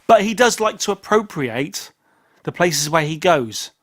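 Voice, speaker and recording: A man's voice: high voice, sing-song, a little slow, fairly bright tone. A man with an English accent hosting an album review podcast, chatting casually and joking. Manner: joking, pushy. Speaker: podcast host. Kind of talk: casual chat.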